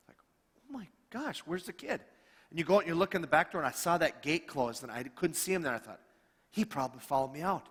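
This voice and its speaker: A middle-aged man preaching a storytelling sermon as a pastor, animated and acting out the dialogue in his stories. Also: fairly high pitch. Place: church sanctuary. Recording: long reverb of a church hall.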